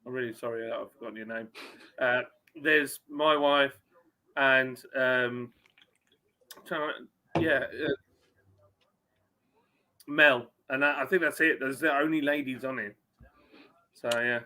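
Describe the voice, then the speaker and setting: A man's voice: medium pitch, steady tone, a little slow, long pauses, pushed and bright. A man hosting a casual live stream, chatting and greeting viewers by name. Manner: chatty, reads out viewer names.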